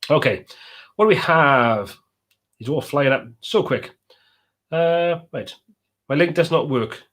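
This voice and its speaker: A man's voice: on the high side, slow, fairly bright tone. A man with a Welsh accent, casually chatting as host of a live stream and reading out viewers' comments.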